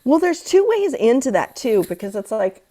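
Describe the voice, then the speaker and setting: A woman's voice: on the high side, sing-song, normal speed, dark tone. A woman hosting a casual spiritual conversation, talking passionately and swearing freely as she acts out her own inner voices. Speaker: podcast host.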